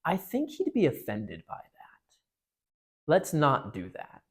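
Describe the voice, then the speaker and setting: A man's voice: on the high side, very animated, measured pace, darkish tone. A man retelling a story and voicing an awkward schoolboy who talks in an earnest, hesitant way.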